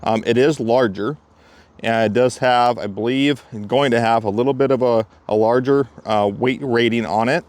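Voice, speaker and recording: Smooth-voiced man casually reviewing climbing gear. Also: mid-range voice, steady tone, moderate pace, darkish tone. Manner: chatty, explaining step by step.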